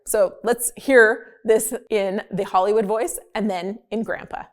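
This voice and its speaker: A woman hosts an explainer video in a casual, upbeat manner. Her voice sits at an ordinary middle pitch, and she leans on key words with emphasis. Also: fairly even intonation, unhurried. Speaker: host.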